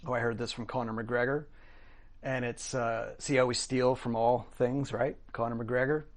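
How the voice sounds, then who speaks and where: Middle-aged male podcast guest with a medium-pitched voice, earnest and reflective, restarting his sentences as he talks. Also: flat delivery, moderate pace. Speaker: podcast guest, drumming coach. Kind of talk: casual interview conversation.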